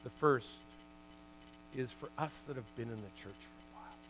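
A middle-aged man giving a sermon testimony in a church, an animated storyteller who swings from loud bursts to hushed asides. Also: mid-range voice, moderate pace, very noisy. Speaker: guest preacher, former hockey player.

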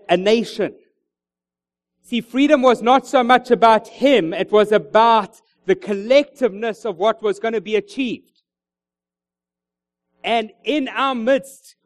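Guy preaching, kinda high voice, jokey storyteller vibe. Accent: non-local, names misheard. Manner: chatty, joking storyteller. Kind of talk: sermon.

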